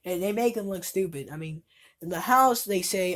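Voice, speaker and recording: A woman's voice: on the low side, moderate pace, fairly bright tone. A woman giving a casual, rambling movie review, exasperated and swearing freely.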